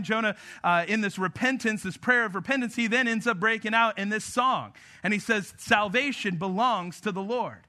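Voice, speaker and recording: A man's voice: high voice, pushed and bright. A man in his thirties preaching a sermon, talking with the congregation in a conversational, joking way. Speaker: pastor.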